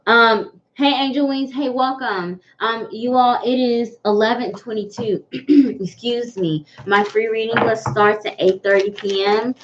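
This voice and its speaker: A woman's voice: a little high, fairly even intonation, measured pace. A woman hosting a live tarot reading, speaking earnestly to viewers and often repeating herself. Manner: earnest, repetitive, greets viewers by name. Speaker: tarot reader hosting a livestream. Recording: dull lo-fi livestream audio with faint noise.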